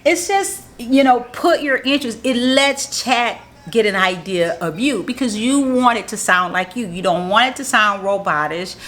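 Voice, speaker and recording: A woman's voice: on the high side, moderate pace, few pauses, a bit bright. A woman, a marketing strategist, giving a casual how-to tutorial in an upbeat, positive, motivational way, restating her points in plain, encouraging talk.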